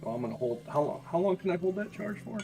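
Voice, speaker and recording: A man's voice: high voice, animated, quick pace, dark tone, a little hiss or hum. A young man playing in a live tabletop game, blunt, brash and joking as he speaks. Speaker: player.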